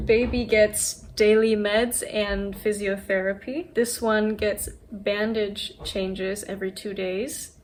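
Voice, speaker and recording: A woman's voice: medium pitch, steady tone, slow pace. A young woman talking candidly and emotionally to her camera in a casual vlog, swearing freely as she sits on the floor at home. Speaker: vlogger.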